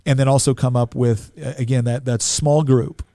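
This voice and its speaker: A man's voice: medium pitch, fairly even intonation, normal speed, dark tone, no room sound, clean studio sound. A man in his forties, a podcast guest, telling a personal story in an earnest way, often repeating words as he goes.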